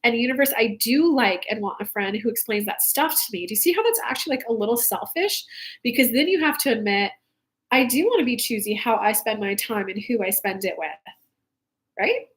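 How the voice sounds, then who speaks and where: A woman's voice: a little high, animated, a little fast. A young adult woman hosting a live spiritual talk show, speaking casually and from the heart, rambling with lots of "like".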